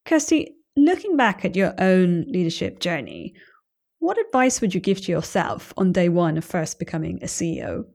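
Woman, interview host, lower pitch, appreciative, measured. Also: very animated, a little mellow. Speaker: podcast host. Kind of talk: interview questions.

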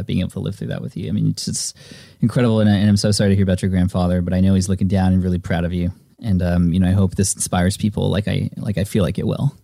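A man hosting a podcast interview, openly supportive and quick to react to his guest. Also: low-pitched, gravelly, dark tone, dry recording, studio quality. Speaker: podcast host. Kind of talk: interview conversation.

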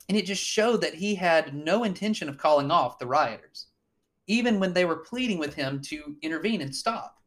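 A man's voice: on the high side, lively intonation, normal speed, a bit bright. A man co-hosting a casual political chat, blunt and swearing often, with lots of fillers and restarts. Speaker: podcast co-host.

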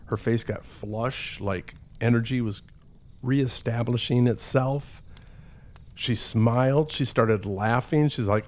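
A man's voice: medium pitch, slow pace, a little mellow. A middle-aged man, a counselor, telling stories from his practice in a conversational way. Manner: conversational storytelling with acted quotes. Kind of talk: talk.

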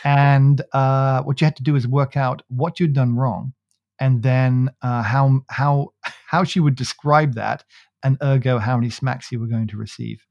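A man's voice: mid-range voice, fairly even intonation, a little slow, creaky, darkish tone, dry recording, dull audio. Man, podcast host, casual chat, jokey, laughs a lot, dry sound. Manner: jokey storytelling, laughs often.

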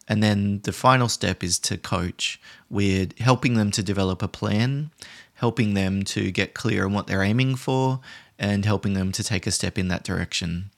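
Man, podcast host, lowish voice, calm explanatory talk. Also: creaky. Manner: calm, explanatory, conversational with many restarts. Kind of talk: instructional podcast monologue.

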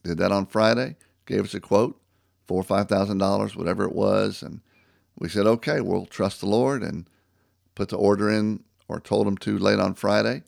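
A man's voice: fairly low pitch, fairly even intonation, normal speed, vocal fry, dry recording, studio quality. A man sharing a personal faith testimony, telling the story with acted-out phone calls and turning reflective as he reads scripture. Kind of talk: personal testimony and devotional talk.

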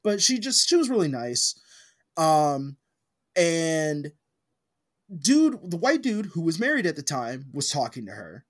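Podcast co-host, male, husky voice, wide-ranging pitch, loose rambling anecdotes with cursing. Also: big pitch swings, measured pace. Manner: rambling storyteller, swears a lot, acts out quotes loudly. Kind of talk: casual chat.

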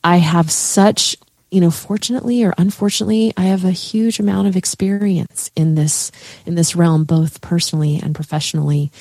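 On an emotional podcast, a guest coach speaks in a low, dark, steady voice at normal speed, rambling sincerely with many fillers and false starts. The recording is clean studio quality without echo.

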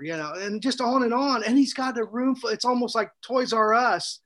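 A man co-hosting a podcast, telling a story in a casual, animated way, laughing often and restarting his sentences. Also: extremely high pitch, moderate pace, few pauses. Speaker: podcast co-host and author.

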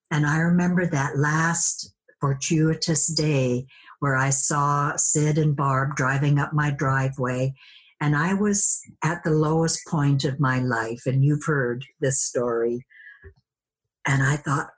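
A woman's voice: low-pitched, fairly even intonation, a little slow. A woman guest sharing a personal story in a conversation, reflective, acting out remembered dialogue.

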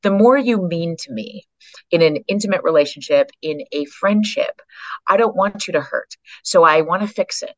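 Low-voiced Canadian woman telling stories. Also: normal speed, dry recording. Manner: animated storyteller who acts out quoted voices. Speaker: psychologist and author, podcast guest. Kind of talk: storytelling in a conversation.

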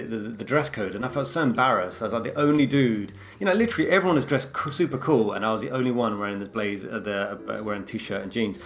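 Fast-talking man telling stories. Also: on the low side. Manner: animated storyteller. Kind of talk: casual chat, anecdote.

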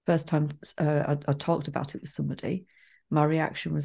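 Low, gravelly-voiced woman podcaster. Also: little pitch movement, a little mellow. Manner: earnest, measured, personal storytelling. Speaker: podcast co-host. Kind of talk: casual reflective chat.

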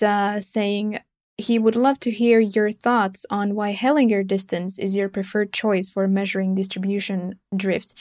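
A woman co-host relays questions from the live chat. Her delivery is clear and even, at a middle pitch. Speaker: podcast co-host reading audience questions.

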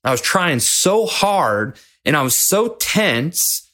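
Earnest folksy man, fairly high voice. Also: very animated, slow pace, fairly bright tone. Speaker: podcast host and leadership coach. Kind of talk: personal storytelling monologue.

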